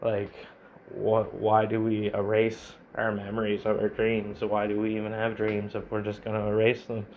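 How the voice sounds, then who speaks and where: Man with a flat voice reading and rambling over a text game, muffled lo-fi recording. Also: on the low side, normal speed, slight background noise. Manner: rambling, heavy use of "like". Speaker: video game commentator. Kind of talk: reading aloud and commenting. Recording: slightly dull lo-fi recording.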